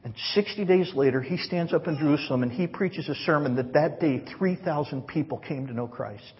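A man's voice: a little high, brisk, breathy edge. A male pastor preaching a sermon in a large church hall, earnest and conversational, often acting out quoted lines. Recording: reverberant, dull lo-fi hall recording.

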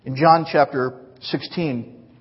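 Husky-voiced male pastor preaching in a hall. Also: medium pitch, steady tone, takes it slowly. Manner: earnest, conversational preaching with acted quotes. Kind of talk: sermon. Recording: reverberant, dull lo-fi hall recording.

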